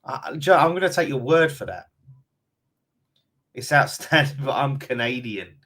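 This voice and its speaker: A man's voice: medium pitch, expressive, normal speed, fairly bright tone. A man with an Essex accent hosting a casual fan live stream, reading out viewer comments in a blunt, chatty way and calling everyone mate. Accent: London and Essex.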